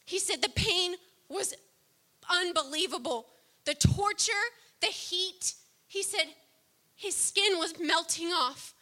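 A woman preaching a sermon, impassioned, swinging from soft, low passages to loud outbursts. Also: measured pace.

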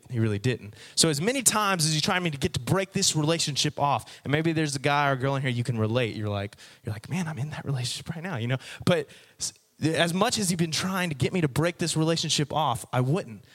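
Young male youth preacher, animated storyteller with a somewhat high voice. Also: brisk, few pauses. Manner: animated storytelling, addresses the audience. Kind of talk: sermon testimony.

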